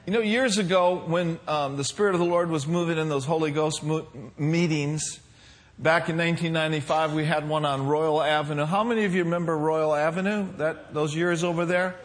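Male pastor, higher voice, mid sermon, calls out to the room, casual fillers. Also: steady tone, a little fast. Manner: preaching with call-and-response asides. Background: congregation responding.

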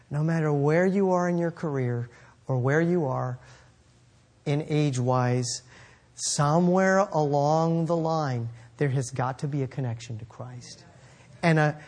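A man preaching a sermon, reading scripture slowly and then riffing conversationally, with sudden high, incredulous exclamations. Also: darkish tone. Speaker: pastor.

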